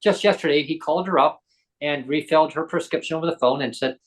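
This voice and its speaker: A man hosting a podcast, telling his own stories in an earnest, animated way. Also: fairly high pitch, a little fast, rough recording. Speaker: podcast host. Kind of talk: casual podcast chat.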